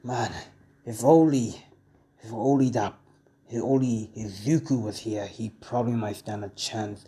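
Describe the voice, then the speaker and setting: A man voicing a gruff, frustrated adult male fire hero in a fan-made audio story, speaking in a low muttering way. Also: fairly even intonation, measured pace, warm tone, lightly acted.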